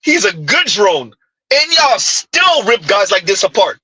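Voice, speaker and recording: A man with a high, husky voice delivers heated reaction commentary. He jumps all over his pitch as he fires off mocking rhetorical questions. The recording is dry and close. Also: sing-song, unhurried, bright, forceful tone, dry recording, low-quality recording.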